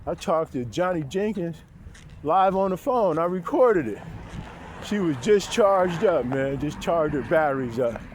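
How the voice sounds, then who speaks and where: A man's voice: expressive, measured pace, a little hiss or hum. A man talking to camera in a profane, rambling monologue, often chuckling to himself. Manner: profane, rambling, laughing to himself, mocking high voice for quotes. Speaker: vlogger.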